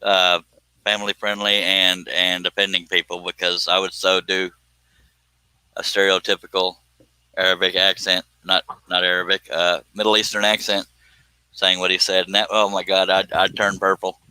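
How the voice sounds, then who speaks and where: Laughing bright-voiced man. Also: low-pitched, level tone, normal speed, clear, resonant tone, dry recording, rough recording. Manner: laughs often, rereads a chat message in a mock-threatening voice. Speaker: livestream host. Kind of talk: casual chat.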